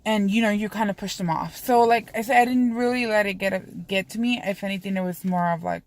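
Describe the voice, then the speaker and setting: A woman talks straight to camera in a loose, confessional vlog, her mid-pitched voice dropping into gravelly fry at the ends of phrases. She rambles openly, swears freely and fills her pauses with "you know" and "um". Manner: candid, rambling, frequent swearing; heavy use of fillers like "you know" and "um". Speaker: vlogger.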